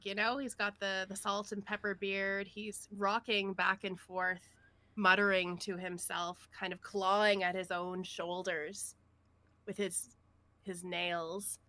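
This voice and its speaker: A woman running a tabletop game as game master, narrating scenes in a lively, descriptive way. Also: medium pitch, dry recording.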